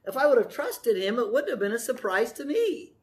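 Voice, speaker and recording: A middle-aged man preaching a sermon in a folksy way, with joking asides, slowing down to stress key words. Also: very high-pitched, sing-song. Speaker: pastor.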